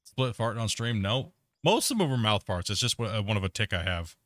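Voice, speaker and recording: A man's voice: on the low side, expressive, fairly quick, a bit bright, no room sound, clean studio sound. A man hosting a live gaming stream in casual chat, rambling and laid-back, laughing at himself and calling people "bro". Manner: rambling, laid-back, full of "bro" and "you know what I mean". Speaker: livestreaming gamer host.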